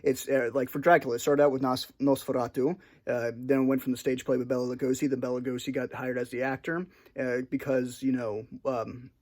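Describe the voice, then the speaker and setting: A man records an unscripted solo monologue for his channel, hesitant and rambling, restarting often and self-conscious about how awkward he sounds. His mid-range voice is darkish and fairly flat in pitch, and he talks fairly quickly with few pauses.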